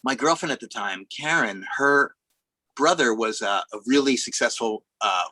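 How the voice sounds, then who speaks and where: A man, a musician guest, casually telling animated anecdotes and acting out the voices of people in them. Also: medium pitch, moderate pace, no echo, low-quality recording. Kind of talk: casual storytelling chat.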